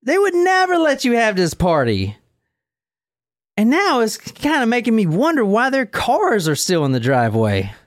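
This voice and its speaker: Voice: medium pitch, huge pitch swings, moderate pace, dry recording, studio quality, pitched above the performer's own voice. A podcast host voicing a young man who grows suspicious of his friend, in a raised, questioning tone.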